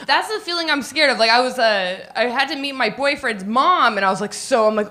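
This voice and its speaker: A woman's voice: high-pitched, lively intonation, brisk, sharp tone. A young woman doing a stand-up set, bubbly and giggly, acting out little voices as she goes. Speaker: stand-up comedian. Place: comedy stage, live audience.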